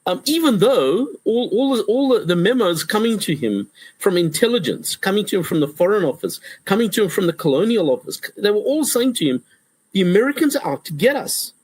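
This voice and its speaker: Animated husky-voiced professor in interview. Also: male voice, sits high, a little fast, no echo, low-quality recording. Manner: animated, repetitive restarts, acts out quotes. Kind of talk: conversational interview.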